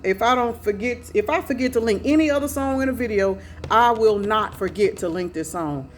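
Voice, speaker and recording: A woman's voice: mid-range voice, slight background noise. A middle-aged woman doing a casual tarot reading, chatty, calling her viewers y'all with salty slang. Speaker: spiritual tarot reader.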